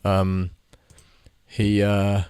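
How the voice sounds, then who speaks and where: A man's voice: fairly low pitch, monotone, drawn-out words, a little mellow, smooth, no echo, studio quality. A young man giving rambling, casual commentary while playing a game, swearing freely and chatting to the players on screen. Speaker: gaming video creator.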